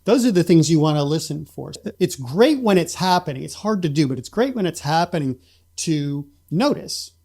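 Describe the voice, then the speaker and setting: A man speaks as a guest coach in an interview and explains his ideas patiently and thoughtfully. His voice is mellow and warm and sits a little high for a man. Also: expressive, normal speed. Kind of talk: casual interview chat.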